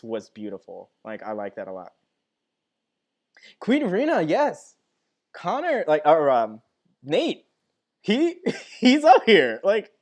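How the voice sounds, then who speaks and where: A young man hosting a casual live stream from home, speaking in an ordinary mid-range voice. He chats with enthusiasm and answers viewer comments as he reads them out. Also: mid-range voice. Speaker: live-stream host reacting to a TV finale.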